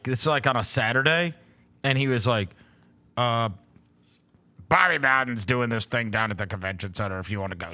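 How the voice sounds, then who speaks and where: A man's voice: medium pitch, sharp tone. A middle-aged man, hosting a sports talk show and telling rambling anecdotes full of fillers and restarts. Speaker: host.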